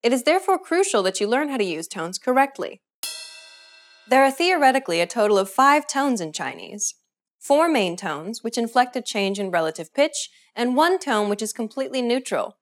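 Lively-voiced woman teaching a lesson. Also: fairly high pitch, soft background music. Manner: clear, measured instructional delivery. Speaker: language teacher. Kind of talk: scripted lesson narration.

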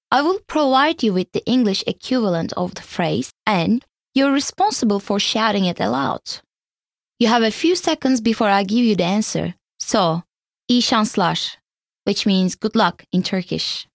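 A woman hosting a scripted language lesson, saying each phrase slowly and clearly and repeating it. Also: medium pitch, no room sound, studio quality. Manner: slow, clearly enunciated repetition of phrases.

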